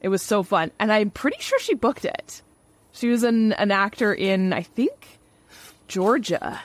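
A woman with a Canadian accent hosting a podcast interview, chatty and quick to laugh. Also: mid-range voice, big pitch swings, no echo. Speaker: podcast host. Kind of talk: casual interview.

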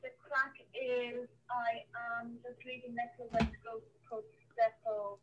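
A woman's voice: a little high, level tone, measured pace, background noise. A woman on the phone while she drives, speaking hesitantly and a bit self-consciously. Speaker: caller. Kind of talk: phone chat. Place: car, driving. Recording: tinny phone line.

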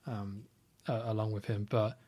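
A man co-hosting a podcast, casually recapping a film scene by scene with quick asides. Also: lowish voice, level tone, dark tone. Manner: retells scenes at length, chatty with quick asides. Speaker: podcast co-host.

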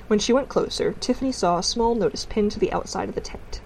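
Woman narrator, storybook reading, measured delivery. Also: mid-range voice, vocal fry, a little mellow, a little hiss or hum, rough recording. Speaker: audiobook reader.

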